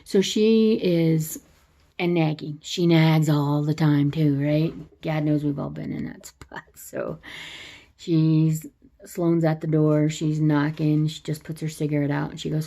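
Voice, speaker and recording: A woman's voice: low-pitched, fairly even intonation, a little slow, mellow. A woman chatting through a casual movie recap, rambling and restarting her sentences and laughing as she retells scenes. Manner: rambling, with frequent restarts and self-corrections. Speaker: movie reviewer.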